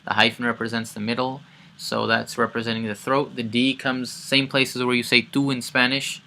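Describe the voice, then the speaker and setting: Bright-sounding guy teaching quran recitation, walks through each sound slow, repeats words a lot. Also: mid-range voice, flat delivery, slight background noise. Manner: explains sounds step by step, repeats words, chants recited verses loudly. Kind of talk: casual recitation lesson.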